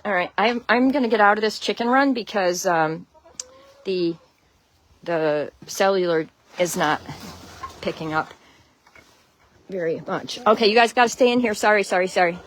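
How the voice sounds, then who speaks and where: A woman's voice: mid-range voice, moderate pace, long pauses. A woman from Connecticut with a Connecticut accent, hosting a casual live stream from her outdoor chicken run, greeting viewers by name and laughing often, on a phone she carries as she walks. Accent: Connecticut (American). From Connecticut, USA. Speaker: backyard chicken keeper, livestream host.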